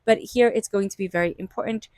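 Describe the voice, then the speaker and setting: A woman's voice: medium pitch, fast, darkish tone, no echo. A woman giving a casual, reassuring tarot reading, repeating phrases for emphasis. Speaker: tarot reader.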